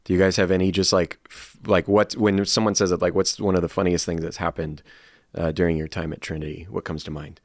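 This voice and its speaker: A man's voice: low voice, little pitch movement, fast talker, dry recording, clean studio sound. A man hosting a school podcast, asking students questions in a friendly, loose way full of fillers. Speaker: podcast host. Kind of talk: casual podcast interview.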